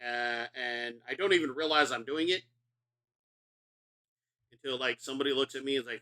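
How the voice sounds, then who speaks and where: A man's voice: medium pitch, a little fast, pushed and bright. A middle-aged man streaming a video game, rambling and profane in casual commentary, self-mocking as he talks.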